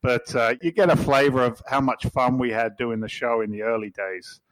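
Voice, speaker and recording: A man's voice: medium pitch, steady tone, normal speed, fairly bright tone, no room sound, rough recording. A middle-aged man with an English accent, a podcast guest telling stories in a blunt, jokey, swearing way. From England. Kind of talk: casual storytelling.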